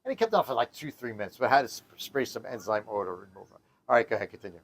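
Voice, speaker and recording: Quick-talking man with dry asides. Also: on the low side, big pitch swings, breathy edge. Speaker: podcast co-host. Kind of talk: casual chat.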